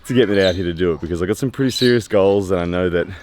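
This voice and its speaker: A man in his thirties talking candidly to camera after a training session, pausing often with fillers. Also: deep voice, a little mellow, slight background noise. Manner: candid and reflective, with many pauses and fillers. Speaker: strength training vlogger. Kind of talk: casual post-workout vlog talk. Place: training area after a workout.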